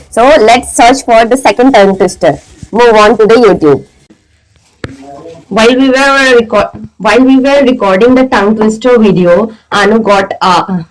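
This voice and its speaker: A woman's voice: medium pitch, low-quality recording. A woman in her thirties with an Indian English accent, chatting casually as a vlog host and laughing often. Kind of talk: casual couple vlog chat.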